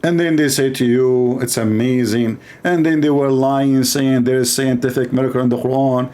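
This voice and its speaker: A man's voice: mid-range voice, level tone, normal speed, warm tone. A man giving sarcastic commentary as a religious debater, mocking and plain-spoken.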